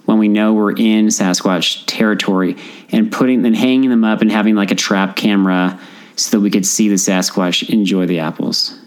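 A man's voice: lowish voice, fairly even intonation, normal speed, rough recording. A young man co-hosts a podcast in loose, casual chat. He teases his friend and breaks into laughter often. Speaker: podcast co-host.

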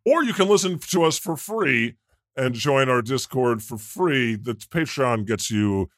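A man playing God as host of a comedy podcast, casual and deadpan as he plugs the show. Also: medium pitch, a little slow, dry recording, studio quality. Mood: laid-back. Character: God, a laid-back male deity hosting a podcast.

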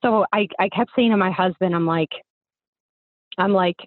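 A woman's voice: mid-range voice, moderate pace, no echo. A young woman on a remote call, telling a personal story casually and rambling with fillers and restarts. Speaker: guest storyteller. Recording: tinny phone-like line.

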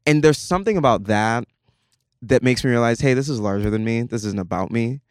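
A man's voice: mid-range voice, expressive, brisk, clean tone, dry recording, clean studio sound. A man chatting as a podcast guest. He tells stories with energy and acts out the voices of the people he quotes. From United States. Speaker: podcast guest, actor and musician. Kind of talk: casual chat.

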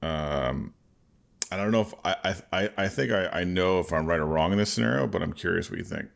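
A man's voice: low voice, a little fast, vocal fry. A man in his thirties, a podcast co-host, telling a story in casual chat and laughing often.

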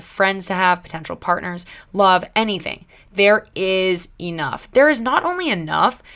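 A woman's voice: on the low side, fairly bright tone. A young woman giving a motivational self-help talk as a vlogger, chatty and emphatic, with many filler words.

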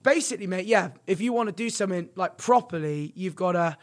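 High-voiced young man telling tales. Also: a little fast. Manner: rambling, filler-heavy, animated storytelling. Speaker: podcast guest, streamer. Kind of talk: casual storytelling chat.

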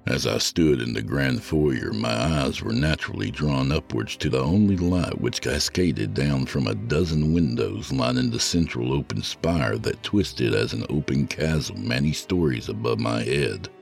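A man reading a horror story aloud as a podcast host, in a slow, ominous storytelling manner. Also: very deep voice, lively intonation, vocal fry, soft background music. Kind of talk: scripted horror narration.

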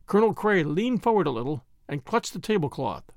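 A man narrating a story as an audiobook in a measured manner. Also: on the high side, big pitch swings, no echo, studio quality. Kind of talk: audiobook reading.

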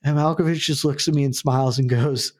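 A man's voice: mid-range voice, fairly even intonation, a little fast, slight background noise. Chatty laughing man co-host. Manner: rambling, laughs often, restarts sentences. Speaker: podcast co-host. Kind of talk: casual chat.

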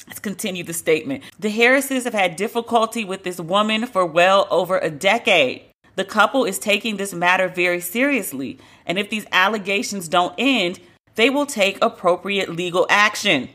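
Bright-voiced woman hosting a sarcastic podcast. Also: medium pitch, moderate pace. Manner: blunt, sarcastic, animated, cusses freely. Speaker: podcast host. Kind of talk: solo podcast commentary. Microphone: studio podcast microphone.

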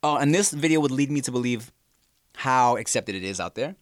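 Animated storytelling man, dry sound. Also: mid-range voice, a little fast, no room sound. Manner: animated storyteller, mimics voices. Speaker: podcast co-host. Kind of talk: casual chat.

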